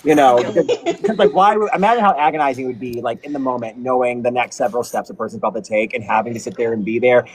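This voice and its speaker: A young man chatting casually in an interview, telling lively stories and acting out the people in them. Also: mid-range voice, fast talker, breathy edge, low-quality recording. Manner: animated storytelling, acts out quotes. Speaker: guest narrator. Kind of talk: casual chat.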